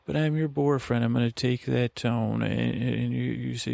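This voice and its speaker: A man's voice: medium pitch, fairly even intonation, normal speed, creaky, hardly any pauses, darkish tone, no room sound. A man hosting a bedtime podcast, rambling in meandering circles and interrupting himself to help listeners fall asleep. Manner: meandering, self-interrupting, drowsy. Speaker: podcast host. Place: lakeside vacation spot.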